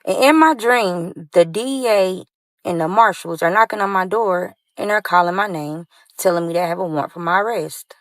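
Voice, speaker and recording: A young woman tells her story in a lively, animated way, often turning to the audience with y'all. Her voice sits a little low. The recording is dry and close. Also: normal speed, no echo. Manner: animated, addresses listeners as y'all. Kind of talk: story time monologue.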